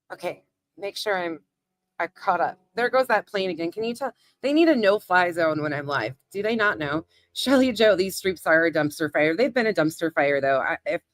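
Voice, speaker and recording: A woman's voice: a little high, no room sound, studio quality. A woman hosting a casual livestream, rattling off viewer names and chatting back to her chat with frequent swearing. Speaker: livestream host. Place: home, with planes passing overhead.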